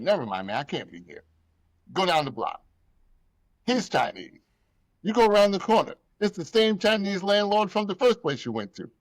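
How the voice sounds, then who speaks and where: A podcast host with a high voice, recorded with no room sound, tells stories on his casual show with plenty of emotion. He's animated, acting out the people in his tales and swearing freely.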